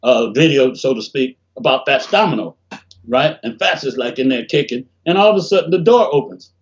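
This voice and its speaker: An older man from Detroit telling animated stories in a casual interview over a video call, often acting out what people said. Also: medium pitch, a little fast. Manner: animated, laughing storyteller, acts out quotes. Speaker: interview guest, bassist. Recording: dull lo-fi call audio.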